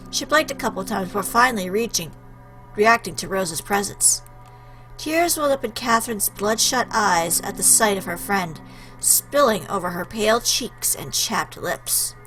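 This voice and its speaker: A woman hosting a let's play, reading a visual novel aloud with expressive, chatty asides. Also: medium pitch.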